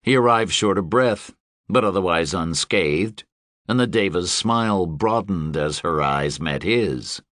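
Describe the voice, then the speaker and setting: Deep-voiced male audiobook narrator. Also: a little slow, dry recording, clean studio sound. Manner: steady, even storytelling delivery. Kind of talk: scripted narration.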